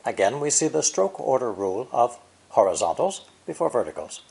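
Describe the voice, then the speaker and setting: A man narrating a scripted language lesson in a measured way, modeling each sound as he explains it. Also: medium pitch, very animated, gravelly, darkish tone. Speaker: language teacher.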